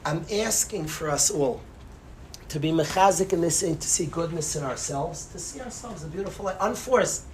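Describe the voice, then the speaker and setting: A man, a rabbi, giving a passionate sermon-style Torah class, swinging from loud cries to hushed near-whispers and peppering his speech with Hebrew and Yiddish terms. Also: a little high, moderate pace, slight background noise.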